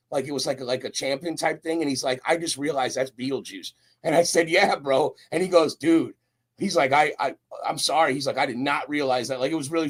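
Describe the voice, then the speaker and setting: A young man, a guest on a podcast, chatting casually with lots of slang and storytelling. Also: mid-range voice. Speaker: guest, roofing company recruiter.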